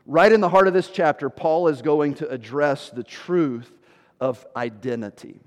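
A male pastor preaches a sermon with emphasis, going low and slow for scripture and getting loud to drive a point home. It sounds like he's in a large hall.

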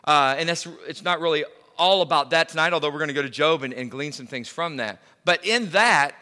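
A middle-aged man preaching a sermon, telling a personal story in an animated way, repeating words and bursting into loud cries. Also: on the high side, fairly quick. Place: church hall. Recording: reverberant hall.

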